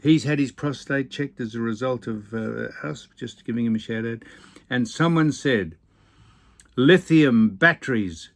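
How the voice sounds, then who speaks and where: A man's voice: mid-range voice, normal speed, creaky. An older man, hosting a casual vlog on a boat and reading out viewer comments with dry, teasing, opinionated banter. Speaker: vlog host. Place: aboard a boat.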